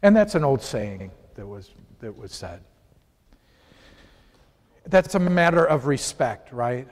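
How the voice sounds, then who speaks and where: A man's voice: medium pitch, sing-song, takes it slowly. Man teaching in a reverberant hall. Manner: conversational, poses questions to the class. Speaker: Bible study teacher. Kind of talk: informal Bible lesson.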